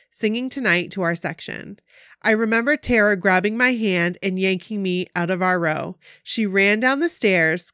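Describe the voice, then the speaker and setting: A woman co-hosting a fan podcast, reading a story aloud and chatting in an excitable, emotional way. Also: mid-range voice, dry recording, clean studio sound. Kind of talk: casual chat and reading aloud.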